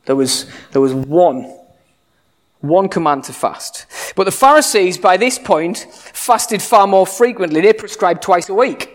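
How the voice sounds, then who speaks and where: A man's voice: high voice, lively intonation, measured pace. A man preaching a sermon in a conversational, humorous way, full of rhetorical questions. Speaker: pastor.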